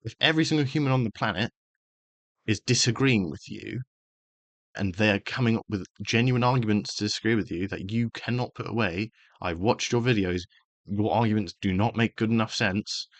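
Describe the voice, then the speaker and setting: A man's voice: on the low side, moderate pace, no echo. A man delivering a heated, sweary opinion rant as a karate channel host, emphatic throughout.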